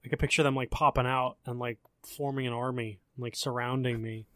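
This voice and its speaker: A man's voice: mid-range voice, steady tone, fairly quick, sharp tone, no echo, studio quality. A man co-hosting a podcast, laid-back and joking in casual slangy chat. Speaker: podcast co-host.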